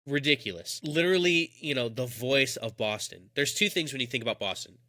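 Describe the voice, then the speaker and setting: A man's voice: mid-range voice, expressive, fairly quick, sharp tone, dry recording, studio quality. A young man co-hosting a podcast, talking in a casual, enthusiastic, rambling way. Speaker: podcast co-host. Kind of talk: casual chat.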